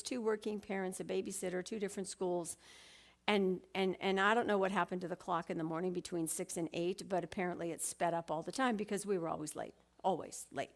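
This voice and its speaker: Earnest woman giving a sermon. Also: medium pitch. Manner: earnest, reads a story aloud. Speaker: minister. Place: church sanctuary.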